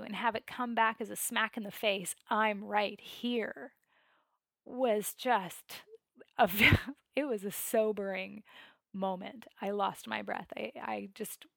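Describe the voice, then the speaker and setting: A woman guest telling a personal story candidly and emotionally, with many "like" and "you know" fillers and swings between hushed and loud passages. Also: medium pitch, creaky, no echo. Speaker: podcast guest.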